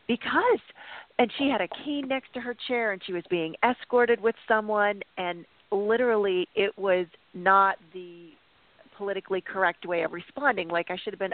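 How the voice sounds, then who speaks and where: A woman guest telling an animated story as she talks, laughing often. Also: mid-range voice, normal speed. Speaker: guest speaker. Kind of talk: storytelling anecdote. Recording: tinny phone-like line.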